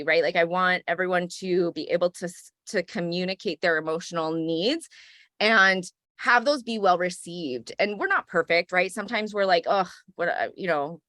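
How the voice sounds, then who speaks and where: A woman's voice: lowish voice, fairly bright tone, no room sound, clean studio sound. A woman co-hosting a parenting podcast, talking in a reflective, affirming way and often checking in with "right?". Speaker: podcast co-host. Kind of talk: casual conversational chat.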